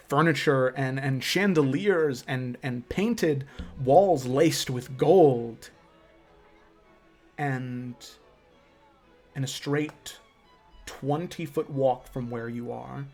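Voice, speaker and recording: A man's voice: medium pitch, creaky. A man narrating a tabletop fantasy game as game master, describing scenes with hesitant restarts. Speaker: dungeon master.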